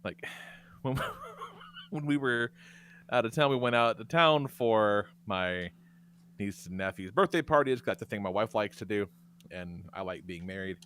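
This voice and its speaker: A man hosting a podcast, telling profane, animated stories in casual chat and laughing often. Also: lowish voice, measured pace, smooth. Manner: profane, animated storyteller who laughs a lot. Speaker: podcast host.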